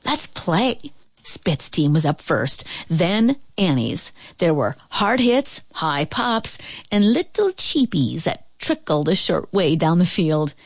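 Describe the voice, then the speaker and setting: A woman reading a children's storybook aloud in an expressive voice that rises and falls with the action. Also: sits low, slow pace, no room sound. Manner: expressive, rising and falling with the action.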